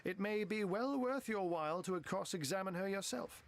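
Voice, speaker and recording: This is an actor voicing a game character: a witty, genteel wizard who becomes a talking cat and speaks in flowery lines packed with cat puns. The male voice sits high and moves at a moderate pace.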